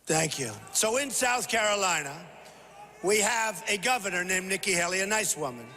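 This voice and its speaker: Boastful man shouting in a big hall. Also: sits high, expressive, moderate pace. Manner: boastful, repetitive, punchy and emphatic, often shouting. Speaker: political candidate at a rally. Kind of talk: rally speech. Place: large convention hall. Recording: echoey hall with faint crowd.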